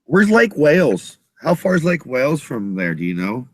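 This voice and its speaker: A man's voice: on the high side, big pitch swings, moderate pace, no echo. A man chatting casually as a show co-host, laid-back and slangy. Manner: laid-back, says dude and man a lot. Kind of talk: casual chat.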